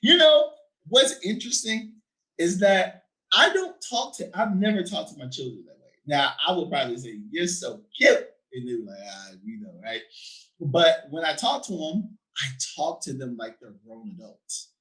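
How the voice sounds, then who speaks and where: A man in his thirties talking in an animated, chatty way, laughing and checking in often with his listener. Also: on the high side, normal speed, poor audio. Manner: animated, laughing, frequent "right?" tags. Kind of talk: casual conversation.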